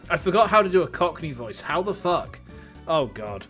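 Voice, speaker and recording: A streamer giving casual, profane and excitable commentary while playing a game. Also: medium pitch, moderate pace, faint music behind. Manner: excitable, profane, bursts of loud laughter. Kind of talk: casual let's-play commentary.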